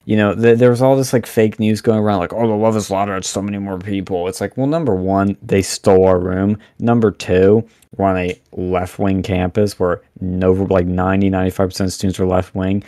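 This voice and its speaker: A young man talking as a podcast guest, animated and blunt, rambling with lots of fillers over a remote mic. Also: low voice, fairly quick, few pauses, dry recording, clean studio sound. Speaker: podcast guest, campus event organizer. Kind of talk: casual podcast interview.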